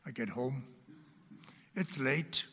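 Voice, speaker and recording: A man's voice: mid-range voice, sharp tone, husky. An elderly man preaching a sermon, telling a story from his boyhood and dropping to a whisper for emphasis. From Wales. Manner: slow, dramatic, drops to a whisper for emphasis. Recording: long hall reverb.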